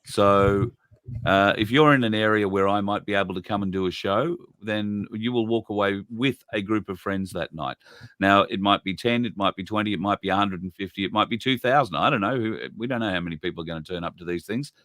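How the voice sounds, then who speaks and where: Deep-voiced Australian man hosting a live stream. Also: brisk, fairly bright tone, dry recording. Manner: rambling, chatty, laughs often. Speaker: host. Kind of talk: casual live-stream chat.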